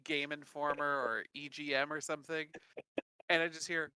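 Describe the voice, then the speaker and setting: A man's voice: a little high, flat delivery, moderate pace, pushed and bright, clean tone, no echo. A young man sharing a childhood memory in casual chat, easygoing and wry. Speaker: podcast co-host.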